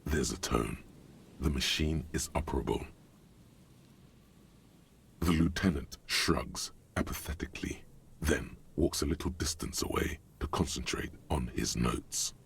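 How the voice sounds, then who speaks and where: Gravelly, bass game narrator. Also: male voice, heavily acted. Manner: measured, dry.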